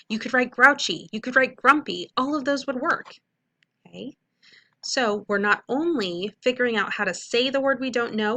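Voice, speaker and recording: A woman teaching a recorded phonics lesson, walking through each step clearly and checking in with "okay?" after each point. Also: mid-range voice, pushed and bright.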